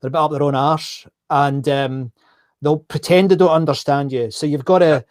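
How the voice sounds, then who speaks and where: Chatty Scottish man, fairly high voice. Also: steady tone, normal speed. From Scotland. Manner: chatty, laughs often, repeats words. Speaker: host. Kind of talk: live online interview.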